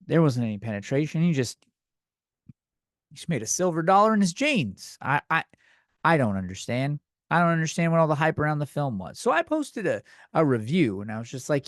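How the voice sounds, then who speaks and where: Profane, lively ranting man. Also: fairly high pitch, normal speed, no room sound, clean studio sound. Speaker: podcast host. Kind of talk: comedic podcast rant.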